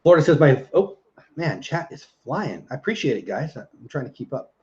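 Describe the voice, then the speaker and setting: A man's voice: fairly high pitch, sing-song, fairly quick, darkish tone. A middle-aged man hosting a casual livestream, chatting and reading viewer comments aloud with easy laughs. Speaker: livestream host reading chat. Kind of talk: casual live chat. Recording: dull lo-fi stream audio.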